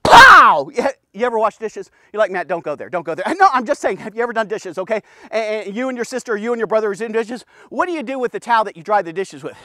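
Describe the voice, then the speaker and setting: A man giving a casual, energetic men's devotional, talking to the listener in punchy bursts and often checking in with "okay?". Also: high-pitched, fast talker, hardly any pauses, no echo, studio quality. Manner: punchy, keeps asking "okay?", bursts of loud exclamations. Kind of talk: casual energetic Bible teaching.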